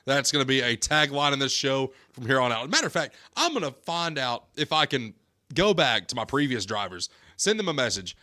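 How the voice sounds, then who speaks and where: Bright-voiced man hosting talk radio. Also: medium pitch, big pitch swings, fairly quick. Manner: chatty storyteller, laughs easily. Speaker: sports talk radio host. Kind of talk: casual radio chat. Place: radio studio.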